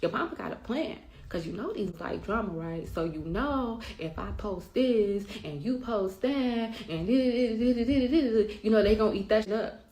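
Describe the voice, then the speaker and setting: Telling her side of things as a mother, a middle-aged woman rants in storytime fashion with bluntness, emphasis, and plenty of swearing. Her mellow voice sits on the high side and is unhurried, heard in an echoey room.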